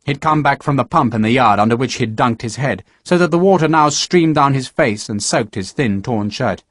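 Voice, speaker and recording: A man narrating an audiobook with a steady, measured reading. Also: medium pitch, no echo, studio quality.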